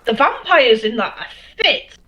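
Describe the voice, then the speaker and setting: A bright, forward woman from Northern England chats with her co-host over an online call. She talks loosely and fills gaps with "um". The audio is dull and lo-fi. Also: on the high side, sing-song, a little slow. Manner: chatty, many "um" fillers. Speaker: podcast co-host. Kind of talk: casual chat.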